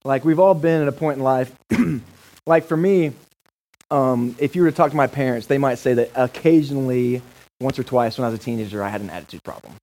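A man's voice: mid-range voice, a little fast, mellow, low-quality recording. A male pastor giving a sermon in a casual, enthusiastic, joking manner.

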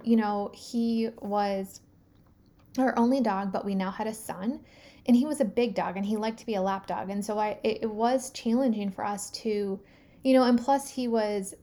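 Woman, 30s, mellow voice, storytelling host who acts out the quotes. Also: medium pitch. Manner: animated, filler-heavy retelling with acted-out quotes. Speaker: podcast host. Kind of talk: personal storytelling.

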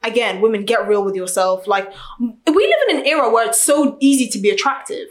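A young woman talking in a casual chat, outspoken and animated, acting out what other people said. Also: fairly high pitch, fairly quick. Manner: outspoken, animated storyteller, acts out quotes.

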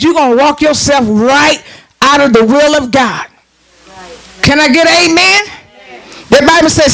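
A man preaching a sermon, calling out to the congregation for responses and rising into shouts. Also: very high voice.

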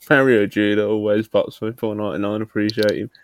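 A man's voice: on the low side, a little hiss or hum. A man hosting a podcast in casual chat, laid-back, laughing often and reading out donations.

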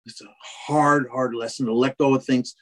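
A man's voice: medium pitch, fairly even intonation, normal speed. A man who trains horses, telling a long personal story in a rambling way, full of restarts and "you know". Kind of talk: casual storytelling in conversation.

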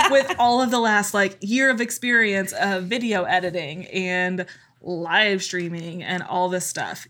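A woman pastor chats as a podcast guest, telling a story with wry humor and plenty of laughter. Her voice is bright and sits at a middle pitch. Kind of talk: casual podcast chat.

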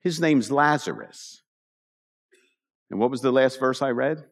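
A man preaching a conversational sermon, telling the story with animated asides to his congregation. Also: mid-range voice, unhurried. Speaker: pastor. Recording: long hall reverb.

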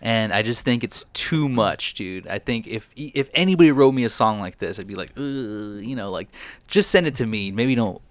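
A man's voice: fairly low pitch, expressive, normal speed, no room sound. A man co-hosting a casual podcast chat, laid-back, laughing often and saying "dude" a lot. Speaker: podcast co-host.

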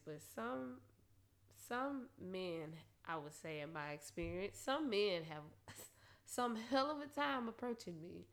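Speaking in a lowish voice, a woman offers advice directly to her audience in a casual, foul-mouthed, blunt monologue. She laughs a lot and turns loud and animated whenever she starts ranting.

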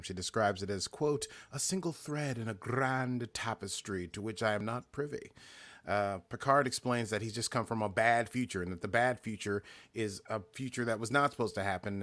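A low-pitched American man talks through a story in loose, casual podcast chat. He stumbles and restarts often, piling on filler words. The sound is close and dry. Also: fairly bright tone, no echo. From United States. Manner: rambling, lots of filler and restarts. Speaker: podcast co-host.

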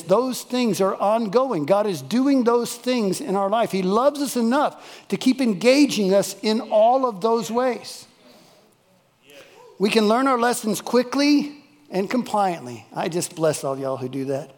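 Male preacher, high voice, folksy and emphatic, long church reverb. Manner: folksy, emphatic, repeats key phrases. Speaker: pastor. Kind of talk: sermon. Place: church worship service.

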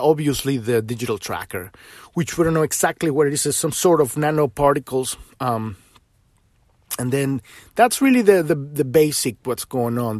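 A man's voice: medium pitch, darkish tone, no room sound, studio quality. A man hosting a podcast, talking in a rambling, impassioned monologue full of restarts and swearing. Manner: swears freely when worked up. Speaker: podcast host.

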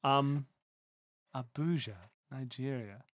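A podcast co-host in casual chat, quizzing themselves on capitals in a playful, think-aloud way that swings between loud and murmured. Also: mid-range voice, takes it slowly, no echo, highs cut off.

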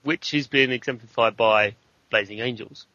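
A man with a bright, forceful voice talks emphatically in a relaxed podcast chat. The sound is dry and a little dull. He sits slightly above the other men in pitch. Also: moderate pace, dry recording. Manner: animated, emphatic complaining. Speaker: podcast panelist. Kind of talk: casual chat.

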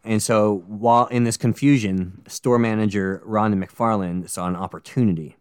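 A man with a low, smooth and resonant voice, recorded close and dry, hosts a casual true-crime podcast. He walks through the case in a relaxed way and throws in jokey, sweary asides. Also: moderate pace, dry recording. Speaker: podcast co-host.

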